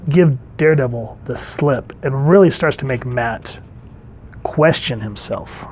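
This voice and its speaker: A man, a dad, casually reviewing an old comic book and reading panels aloud in a chatty, relaxed way. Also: mid-range voice, a little slow, a little hiss or hum.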